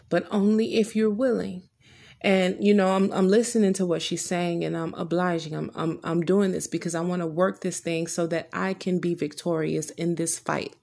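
A woman speaking in a candid, heartfelt storytelling way, her voice carrying a gravelly vocal fry. She retells back-and-forth conversations in plain words and often stumbles and restarts mid-sentence. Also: lowish voice, darkish tone. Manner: earnest and emotional, retells dialogue with frequent restarts. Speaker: person sharing a personal therapy story.

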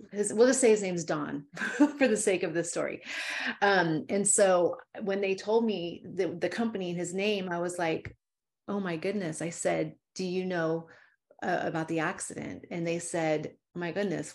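A woman guest giving an animated, heartfelt faith testimony, full of asides and quoted dialogue. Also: on the low side, gravelly. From California. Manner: animated, fervent storyteller with many asides. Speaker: interview guest. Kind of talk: emotional testimony storytelling.

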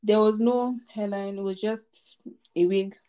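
A woman's voice: mid-range voice, fairly even intonation, measured pace, mellow, clean tone. Woman podcast co-host, emphatic and repetitive, casual movie review chat. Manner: emphatic, repeats herself for effect.

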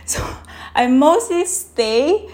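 This is a woman talking in a casual, reflective monologue, her voice sitting somewhat high. She speaks slowly and softly, lingering on her feelings. is a for her. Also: sing-song. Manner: slow, soft, emotional, with pauses and laughs.

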